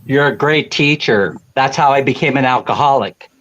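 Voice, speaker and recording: A man's voice: medium pitch, normal speed, fairly bright tone, dull audio. A man hosting a casual live stream, answering a caller with wry jokes and apologies.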